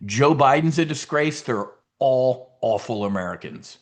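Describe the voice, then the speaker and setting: A middle-aged man talks through a live investing briefing in loose, unscripted commentary. He is blunt, swears freely and wanders off into asides and restarts. His voice sits at an ordinary pitch for a man. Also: a little slow.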